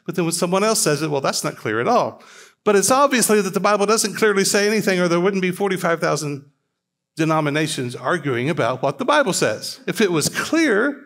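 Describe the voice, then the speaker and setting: Middle-aged male speaker, conversational and probing, lively pitch, slightly high. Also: a little fast. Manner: conversational, questioning, quotes scripture aloud. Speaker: speaker at a church hangout. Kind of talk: informal teaching talk to a live audience.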